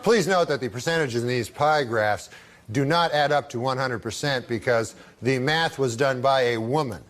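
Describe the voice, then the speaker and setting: A man telling jokes at a news desk in a deadpan delivery. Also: medium pitch, normal speed. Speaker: comedian.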